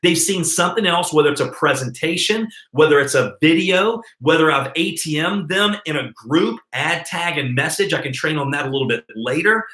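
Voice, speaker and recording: A man giving an emphatic, energetic network marketing training talk straight to his viewers. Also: a little high, normal speed, few pauses, reverberant.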